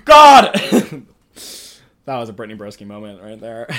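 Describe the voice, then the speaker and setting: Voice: medium pitch, sing-song, moderate pace, darkish tone. Giggly rambling young podcaster. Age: early 20s. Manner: rambling, giggly, laughs often; self-conscious, chatty, talks to self. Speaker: podcast host. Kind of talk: casual solo podcast chat.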